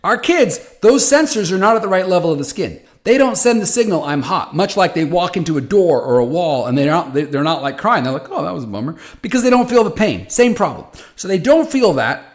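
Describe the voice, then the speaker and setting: A man's voice: sits high, big pitch swings, fairly quick, few pauses. A man hosting a foundation podcast, talking casually and animatedly from his office, often restarting phrases. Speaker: podcast host for a patient foundation. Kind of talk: casual monologue. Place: hot office.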